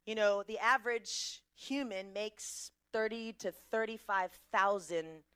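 A middle-aged woman preaching a lively sermon, asking the congregation questions and quoting scripture. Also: mid-range voice, takes it slowly, clear, resonant tone. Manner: animated, asks the congregation questions.

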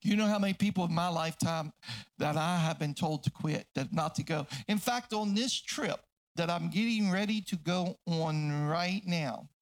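A man pastor preaching a sermon, fervent and repetitive, sometimes breaking into shouts. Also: a little high, moderate pace.

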